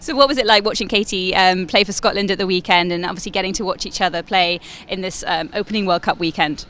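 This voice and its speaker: A woman's voice: fairly low pitch, fast, fairly bright tone. A woman interviewing a rugby player, asking friendly questions with some hesitations.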